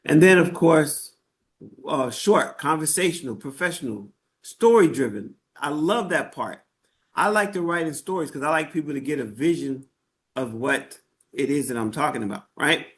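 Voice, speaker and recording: A man with a slightly high-pitched voice teaches a live online class. His delivery is conversational and loose, full of "right?" and "okay?" check-ins and small restarts. He talks through slides from a computer setup. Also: lively intonation, moderate pace. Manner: frequent fillers and restarts. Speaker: workshop instructor.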